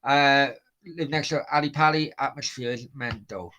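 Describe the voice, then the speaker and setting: A man's voice: medium pitch, steady tone, normal speed, sharp tone, low-quality recording. A man hosting a late-night stream, chatting casually and swearing while he reads out viewer comments. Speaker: livestream host.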